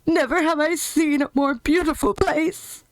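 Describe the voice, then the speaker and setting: A woman's voice: sits high, fairly even intonation, a little slow, no echo, pitched above the performer's own voice, low-quality recording. A woman reading aloud, voicing a cheerful, proud male lion. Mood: delighted.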